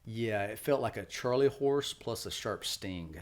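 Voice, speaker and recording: A middle-aged man, a retired Marine, telling his story in a casual interview, relaxed and full of fillers. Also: lowish voice, unhurried.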